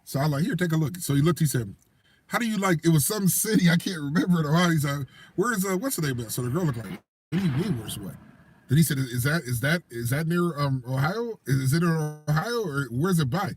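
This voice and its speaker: A man, telling animated stories in casual chat and acting out the voices of the people in them. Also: a little high, fast, slight background noise. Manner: animated storyteller acting out quoted voices, laughing often. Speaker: co-host.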